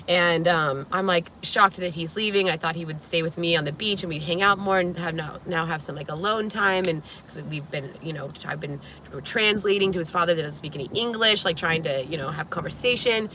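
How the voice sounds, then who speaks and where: A woman's voice: on the low side, a little fast, hardly any pauses, fairly bright tone, slight background noise, rough recording. A woman vlogging in a casual, rambling way, telling a story to camera from inside her van, full of "like" and restarts.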